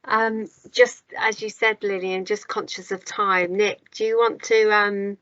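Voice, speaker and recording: Woman, panel host, polite, filler-heavy, very slow, bright voice, dry lo-fi call sound. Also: medium pitch, little pitch movement, dry recording. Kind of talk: panel discussion moderating.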